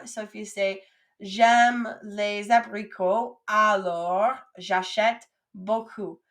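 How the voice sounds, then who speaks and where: A woman teaching French vocabulary, modeling each word slowly and clearly, repeating it for students to say after her. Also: mid-range voice, fairly bright tone.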